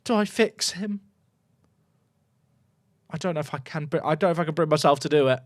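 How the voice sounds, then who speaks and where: A young man streaming a football management game, talking to his chat in an excitable, jokey way that swings from loud cheering to muttered asides. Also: a little high, a little fast, no echo. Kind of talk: live gameplay commentary to chat.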